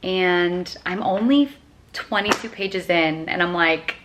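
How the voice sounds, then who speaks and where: A woman's voice: on the low side, takes it slowly, background noise. Bubbly young woman vlogging, full of "like". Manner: bubbly and excitable, heavy on filler words like "dude" and "like"; reads book passages aloud in a calmer voice. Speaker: lifestyle vlogger. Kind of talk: casual chatty vlog. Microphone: phone camera.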